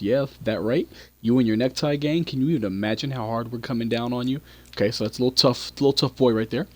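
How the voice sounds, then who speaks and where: Man, gaming commentary, reads dialogue options, jokey, mid-pitched. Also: quick pace. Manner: reads dialogue choices aloud and jokes. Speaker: gaming YouTuber. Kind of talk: casual gameplay commentary.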